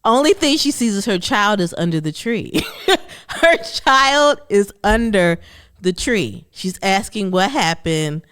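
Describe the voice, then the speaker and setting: A woman hosting a podcast, telling family stories in a chatty, animated way and acting out quotes from her relatives. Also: mid-range voice, slow pace, smooth. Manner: animated, laughing storyteller who acts out family quotes. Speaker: podcast host. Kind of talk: personal storytelling monologue.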